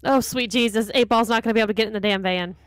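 A woman's voice: a little high, steady tone, racing, no echo, studio quality. A woman co-hosting a live game stream, teasing her partner and swearing freely in casual chat. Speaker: co-host watching the game.

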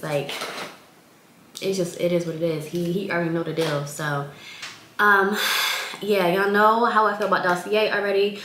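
Congested young woman vlogger, low-pitched, rambling chat, echoey room. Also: fairly even intonation, moderate pace, a bit bright, slight background noise. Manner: chatty, rambling, many fillers. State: congested, recovering from illness. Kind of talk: casual vlog chat.

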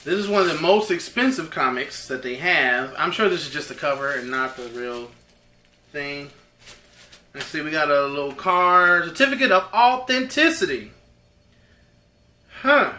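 A man hosting an unboxing video, rambling excitably and talking straight to his viewers. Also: a little high, normal speed, pauses often, echoey room, a little hiss or hum. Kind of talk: casual unboxing chat.

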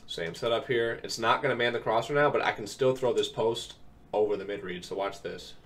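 A man's voice: on the low side, brisk, a bit bright. A young man recovering from an illness gives casual gameplay commentary, laid-back and full of ums as he explains plays step by step. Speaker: video game tips creator. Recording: distant mic, faint keyboard noise.

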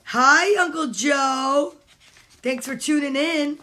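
A woman's voice: high-pitched, unhurried, fairly bright tone. A woman at home reading picture books aloud to children, playful and chatty, speaking straight to the kids. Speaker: storytime host.

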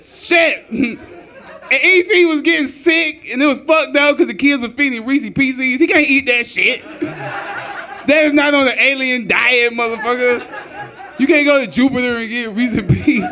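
A man's voice: very high-pitched, sharp tone. A man doing a crude, profane stand-up comedy set on a club stage, laughing at his own jokes.

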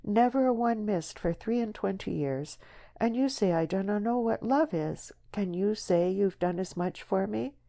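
A woman voicing a tender, stubborn young rural woman with an English country dialect, plaintive and soft. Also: mid-range voice, moderate pace, creaky, voice pushed up, lightly acted. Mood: sorrowful.

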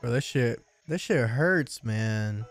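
A man in his twenties giving casual, slangy reaction commentary to an anime episode, laughing loudly and exclaiming often. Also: medium pitch, slow, soft background music. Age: 20s. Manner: excitable, slangy, bursts into loud laughs.

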